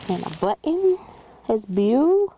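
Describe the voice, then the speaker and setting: A woman's voice: on the high side, big pitch swings, slow pace, dark tone, slight background noise. A mother speaking in gasping, giggly baby talk while playing with toys with her child. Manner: sing-song, gasping, giggly.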